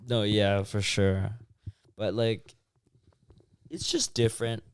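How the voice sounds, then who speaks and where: A man's voice: lowish voice, little pitch movement, slow pace, clean tone. A young man co-hosting a podcast, talking in a thoughtful, laid-back way with many likes. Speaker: podcast co-host. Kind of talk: casual reflective chat.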